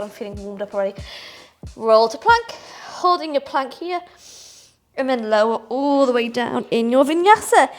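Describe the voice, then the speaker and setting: High-voiced young woman guiding a yoga flow. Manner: upbeat, counts breaths aloud while moving through poses. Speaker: yoga instructor. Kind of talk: guided yoga class instruction.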